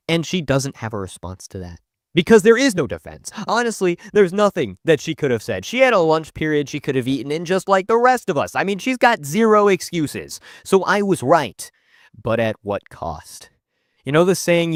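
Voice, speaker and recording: A man's voice: medium pitch, very animated, normal speed, dry recording, clean studio sound. A young man narrating a school story in a casual, joking, conversational way. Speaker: storytime YouTuber.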